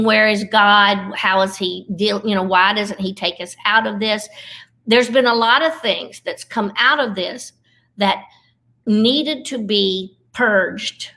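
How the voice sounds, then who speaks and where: A middle-aged woman, giving an earnest, folksy devotional talk over a video call, slowing down for emphasis. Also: mid-range voice, fairly bright tone. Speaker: Christian comedian speaker.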